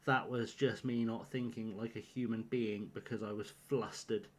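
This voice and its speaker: A man's voice: on the low side, fairly even intonation, normal speed. A man live-streaming a football management game, rambling and flustered as he talks himself through picking his team. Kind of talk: live-streamed gameplay commentary.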